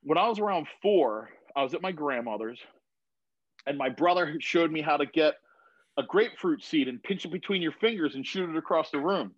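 A man's voice: on the high side, lively intonation, brisk, no room sound. A man in his thirties telling stories in a casual chat in his home garage, swearing freely and acting out the voices of people he quotes. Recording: dull, slightly lo-fi sound.

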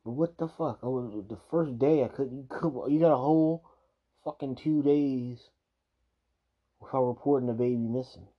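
A man with a medium-pitched voice, recorded with the highs cut off, reacts to a news clip at normal speed. His casual commentary turns into a heated, profane rant full of restarts.

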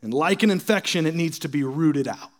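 A young man with a high voice delivers a casual, joking sermon. He mocks petty quarrels by acting out churchgoers' lines in sarcastic asides. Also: animated, fairly quick. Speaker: pastor.

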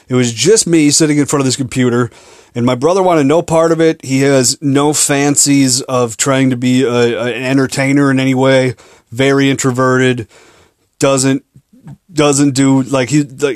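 The clean studio recording, free of room sound, captures a young man from Minneapolis hosting a podcast in a mid-range voice. He tells a story casually, wandering off track, cursing, and mocking himself.

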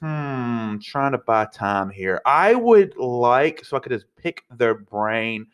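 An American man co-hosting a casual chat podcast, tossing out quick jokes and wisecracks. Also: lowish voice, a bit bright, clear, resonant tone. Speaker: podcast co-host.

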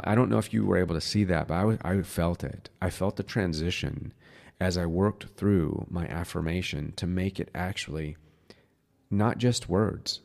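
Low gravelly guy teaching spiritual stuff casually, earnest, gets soft and slow sometimes. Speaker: spiritual teacher and podcast host.

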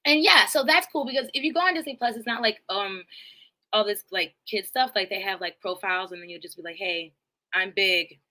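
A woman live streamer chatting casually about a movie, rambling and animated, with swearing and laughing asides. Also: medium pitch, fast talker. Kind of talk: casual movie recap chat.

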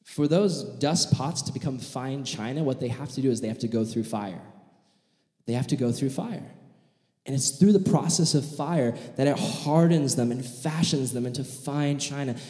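A man preaching a sermon, telling a vivid story and acting out the voices of its characters in an animated way. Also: medium pitch, moderate pace. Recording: echoey hall with long reverb.

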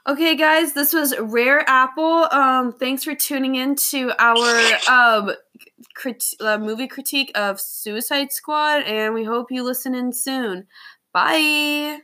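A young woman co-hosting a casual movie review chat, expressive and giggly as she retells scenes. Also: high voice, measured pace. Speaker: co-host.

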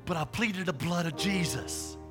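A man's voice: on the high side, moderate pace, music in the background. A man preaching a sermon and telling a personal testimony, with a rambling, emphatic, colloquial delivery full of restarts and repetitions.

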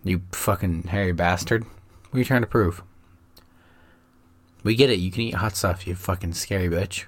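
A man's voice: low voice, moderate pace. A young man hosting a podcast, teasing and swearing through casual banter. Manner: crude, profane, teasing. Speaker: podcast host.

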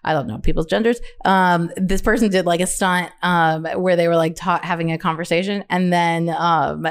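A woman's voice: fairly low pitch, steady tone, normal speed, smooth. A young adult woman chatting casually as an interview guest, talking with lots of fillers, restarts and laughs. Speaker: interview guest, writer and creator. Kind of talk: casual chat.

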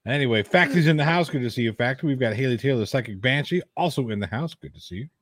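Man, casual horror podcast host, animated pitch, dry close sound, jokey. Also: rapid-fire, no echo. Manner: joking, reads chat names aloud, laughs often. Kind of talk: casual live-stream chat.

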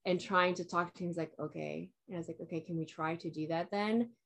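A young woman with a fairly low-pitched voice recounts a personal story in easygoing, unscripted conversation. She rambles along, leaning on "like" and acting out quoted lines from herself and others. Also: fairly even intonation, fairly quick, creaky. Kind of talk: casual chat.

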